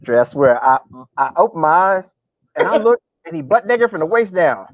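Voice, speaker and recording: A man's voice: a little high, moderate pace, dry recording, highs cut off. A man, a comedian guest, telling a funny road story in casual chat and acting out the people in it. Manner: animated, mimics voices and groans.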